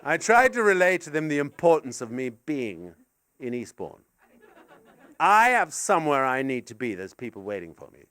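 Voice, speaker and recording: An older man performing a rambling, absurd stand-up comedy set at a live gig in a gallery, sweary and swinging from muttering asides to shouted rants. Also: mid-range voice, very animated, moderate pace, smooth.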